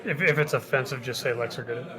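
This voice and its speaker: A man's voice: mid-range voice, fast, pushed and bright. A man co-hosting a live stream, making dry wisecracking quips in casual chat. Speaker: co-host.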